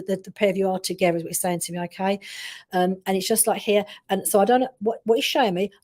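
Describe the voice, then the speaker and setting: A woman doing a medium reading on a live stream talks quickly, her words tumbling out with many restarts. Her voice is mellow and soft-edged. She keeps checking in with the listener as she goes. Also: medium pitch. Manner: rambling, full of restarts and repeated check-ins.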